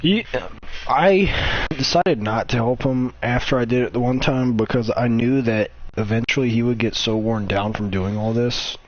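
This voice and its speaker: A man's voice: mid-range voice, normal speed. A young man streaming and chatting with a friend, telling stories with lots of swearing and giggling. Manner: profane, giggly storytelling. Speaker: streamer reacting to old clips. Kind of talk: casual chat with a friend. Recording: dull lo-fi audio with faint hiss.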